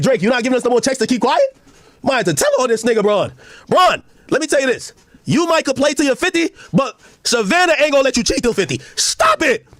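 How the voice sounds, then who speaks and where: A man loudly ranting on a clip, mocking and profane, often shouting and laughing. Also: extremely high pitch, no echo. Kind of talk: heated reaction rant.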